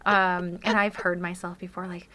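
Candid woman with a bright, lower voice. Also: flat delivery, moderate pace, slight background noise. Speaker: podcast co-host. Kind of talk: casual parenting chat.

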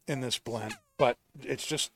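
A male host leading a relaxed tasting chat, with a mid-pitched voice and a measured, unhurried way of describing things. He leans on fillers as he thinks aloud. He is recorded live in a lounge. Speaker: podcast host.

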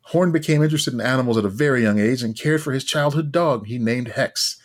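A man co-hosting a podcast, chatting casually in a wry, loose way, sometimes reading aloud and swearing for emphasis. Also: medium pitch. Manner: wry, profane, drawn-out musing. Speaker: podcast co-host. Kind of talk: casual chat.

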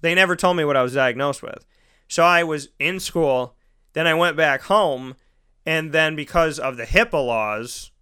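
A young male host tells rambling stories in a casual, chatty way, slipping into little impressions of the people he meets. His voice sits a bit high for a man and comes across sharp and bright. Every word is clean and smooth. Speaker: podcast host. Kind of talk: casual storytelling monologue.

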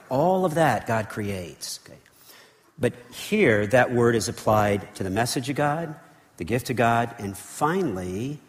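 Man pastor, animated casual sermon voice, long church reverb, mid pitch. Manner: animated, conversational preaching with frequent "okay" and "right". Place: church sanctuary.

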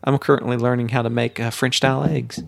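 A fast-talking podcast co-host with a creaky, mid-range voice and a level tone chats casually, rambling through jokes and laughing often.

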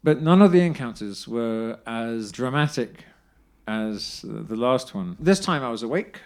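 A man's voice: mid-range voice, expressive, a little slow. A man telling a funny personal story in a wry, self-deprecating way, swearing freely. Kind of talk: anecdotal storytelling, casual.

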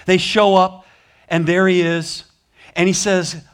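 A man's voice: high-pitched, little pitch movement, slow pace, smooth. A man preaching a sermon in a church, telling a story with rising, emphatic passion. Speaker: pastor. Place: church sanctuary.

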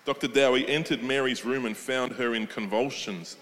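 Male preacher, mid pitch, emphatic sermon delivery, recorded with long reverb. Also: moderate pace, a bit bright. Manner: emphatic, asks the congregation questions. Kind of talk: sermon retelling a story with commentary.

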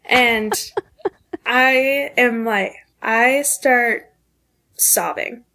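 On a podcast, a woman in her twenties from the southeastern United States candidly shares a personal story. Her voice sits on the high side with a sharp tone, and she speaks earnestly and haltingly, with many pauses and fillers.

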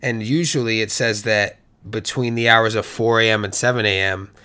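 A man's voice: lowish voice, fairly even intonation, normal speed, sharp tone, clear, resonant tone, no echo. A man hosting his own podcast, talking casually with profanity and rambling playful asides. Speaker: podcast host. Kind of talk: casual solo podcast monologue.

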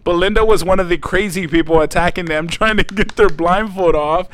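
High-voiced man swapping stories. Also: a little fast, a bit bright. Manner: laughing storyteller, swears freely. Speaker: podcast host. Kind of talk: casual podcast banter.

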